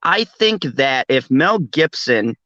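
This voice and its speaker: A man's voice: mid-range voice, big pitch swings, slow pace, sharp tone, no room sound, lo-fi sound. A man hosting a casual late-night chat, rambling and laughing often. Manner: laughs often, rambling, does a mock Australian accent. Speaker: podcast host.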